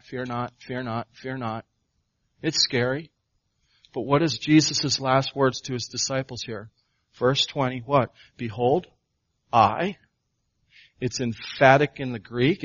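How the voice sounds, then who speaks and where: A man's voice: mid-range voice, a bit bright, no room sound, dull audio. A male pastor preaching a sermon, firing off rhetorical questions and building to emphatic proclamations.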